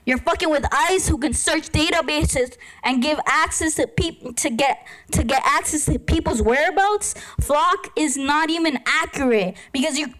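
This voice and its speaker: A woman with a high voice delivers a furious public comment at a meeting. She swears freely and talks in confrontational bursts into a podium microphone. The sound is of a public meeting chamber. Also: fairly bright tone, rough recording. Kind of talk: angry public comment speech.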